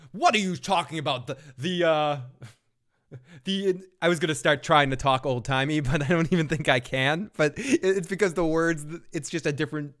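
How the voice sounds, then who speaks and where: A man with a fairly high, slightly bright voice hosts a casual live recap show from his home. He rambles and cracks jokes, chuckling often.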